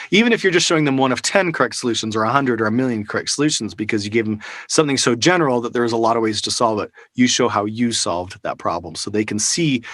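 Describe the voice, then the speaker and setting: A man's voice: medium pitch, fairly bright tone, no echo. A man teaching a live online workshop, talking casually with fillers and restarts into a close microphone over a video call. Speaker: workshop instructor. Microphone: studio microphone close up, over a video call.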